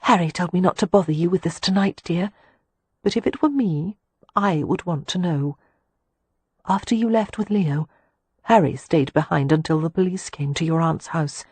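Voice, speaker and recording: A woman voicing Poppy, a gentle, kind young woman who speaks affectionately. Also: lowish voice, moderate pace, slightly rough, dry recording. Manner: gentle and warm.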